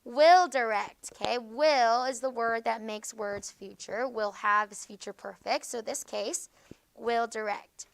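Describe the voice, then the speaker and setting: A woman teacher runs a grammar class in a bright, crisp voice that's a little high for a woman, with fairly even intonation. She asks "okay?" after nearly every point and slows down to stress each example phrase. The recording is dry and close, with no room echo.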